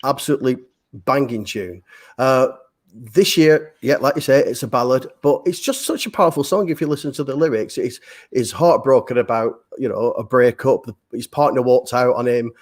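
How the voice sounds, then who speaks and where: A man chatting as a panelist, enthusiastic but halting, with many restarts. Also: mid-range voice, darkish tone. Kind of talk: casual panel discussion.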